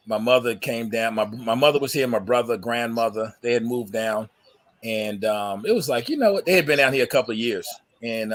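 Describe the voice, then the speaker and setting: New guy in his 50s chatting on a podcast, animated stories, laughs a lot. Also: fairly low pitch. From New York. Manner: animated storyteller, laughs often. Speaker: guest. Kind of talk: casual podcast chat.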